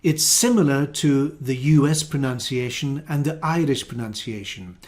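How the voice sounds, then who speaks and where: A man with a Scottish accent teaching English pronunciation, saying example words one at a time in a careful, deliberate way. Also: fairly high pitch, a little mellow. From Scotland. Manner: careful, deliberate word-by-word modelling. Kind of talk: slow, clear teaching of pronunciation.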